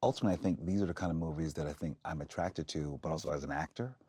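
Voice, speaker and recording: A man's voice: a bass voice, racing, warm tone, breathy edge, no echo. A man who is an actor, a guest in a casual film discussion, talking thoughtfully with many restarts and "I think".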